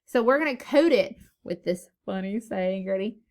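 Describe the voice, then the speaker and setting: A woman's voice: mid-range voice, expressive, moderate pace, darkish tone. A woman teacher recording a phonics lesson for young children, playful and sing-song, repeating words for emphasis, on a camera mic.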